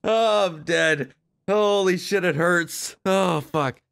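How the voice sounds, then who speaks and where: A man's voice: high-pitched, slow, creaky, fairly bright tone, clean tone. A man streaming a game role-play, laughing helplessly and swearing as he breaks character.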